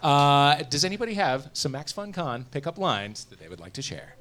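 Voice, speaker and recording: Lively laughing man hosting a game. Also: on the high side, moderate pace, a little hiss or hum. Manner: lively, laughing, playful emcee. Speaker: game show host. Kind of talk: live comedy panel hosting. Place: live venue before an audience.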